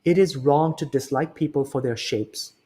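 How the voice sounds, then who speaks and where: A man's voice: fairly high pitch, moderate pace, dark tone, husky. Mrs. Lambchop, a man playing a firm mother. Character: kindly mother, firm and principled.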